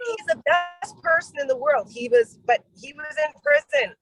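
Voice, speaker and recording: This middle-aged woman's voice sits high, and she speaks at a moderate pace while casually sharing a personal story on a video call as a program member. Animated, she acts out the dialogue and says "like" repeatedly. The recording is rough.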